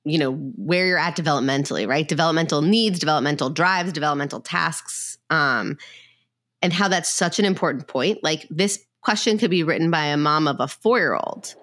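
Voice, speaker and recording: A woman with a low, grounded voice talks through ideas as a therapist in a relaxed podcast conversation. Her speech is loose and filler-heavy, and it wanders as she thinks aloud. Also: brisk. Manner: conversational, many fillers, acts out quoted voices. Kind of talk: casual podcast discussion.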